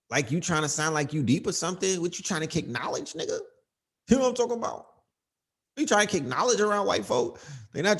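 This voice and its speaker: Emphatic profane man ranting. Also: on the high side. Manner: emphatic, profane, repeats "you know what I mean". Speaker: livestream host. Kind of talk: casual livestream rant.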